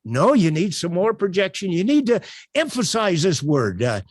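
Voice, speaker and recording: An older man runs a sales workshop on a video call and tells his stories with plenty of fillers. His voice is raised and lively, jumping up and down in pitch. The sound is dry and close. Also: normal speed, no echo. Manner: animated, projecting, storytelling with many fillers. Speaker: workshop presenter.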